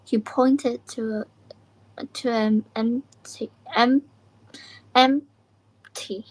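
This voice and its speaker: A woman in a language lesson, hesitantly repeating lines after her coach with halting restarts. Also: a little high, steady tone, poor audio. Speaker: language student.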